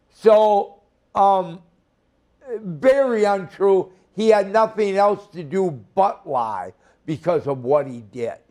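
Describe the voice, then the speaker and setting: An older man from Minnesota telling a heated, profane story in an interview as a former wrestler. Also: fairly high pitch. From Minnesota, USA.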